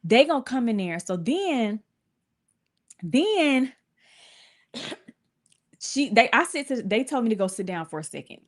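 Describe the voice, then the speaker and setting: A young woman vlogging a casual storytime, talking animatedly and jumping up in pitch when she acts out what people said. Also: measured pace, long pauses. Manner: animated, acts out quotes with big pitch jumps.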